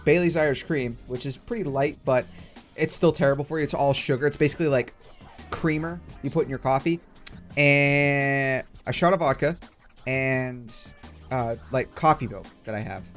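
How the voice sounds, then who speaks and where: A man's voice: medium pitch, normal speed, faint music behind. A young man hosting a casual let's play, ranting with heavy swearing. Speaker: gaming channel host.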